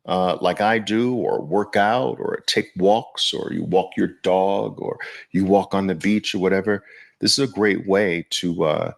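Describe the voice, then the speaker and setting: A man with a low, gravelly voice hosts a casual livestream, talking slowly and loosely to his viewers. He often checks in with them directly as he goes. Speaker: podcast host.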